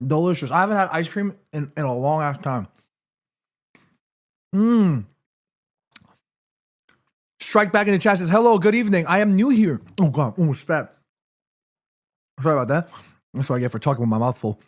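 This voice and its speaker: A man's voice: on the high side, normal speed, long pauses. A man hosting a casual watchalong stream from his room, chatting and reading out messages, with a sore throat. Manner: chatty, reads chat messages aloud, eats between lines. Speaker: livestream host. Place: home room.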